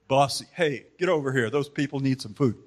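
A man putting on a proud, boastful and obnoxious head waiter in a skit, loud and bossy as he shows off. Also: mid-range voice, a little fast, natural voice. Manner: loud, showy bragging.

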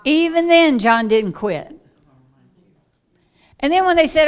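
A woman preaching an informal sermon to a room of listeners, acting out scenes with sudden loud bursts. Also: a little high, very animated, slow, pauses often, smooth.

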